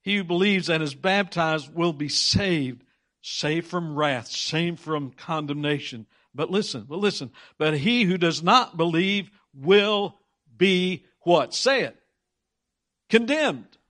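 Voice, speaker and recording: A man's voice: on the high side, slow, fairly bright tone. A man preaching a sermon, reading scripture aloud and repeating words for emphasis while he puts questions to his congregation.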